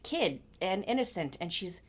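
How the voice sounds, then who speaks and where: A woman's voice: medium pitch, sing-song, normal speed, breathy edge. A woman casually making up a story as she talks, rambling and musing with lots of hedges. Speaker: painting vlogger.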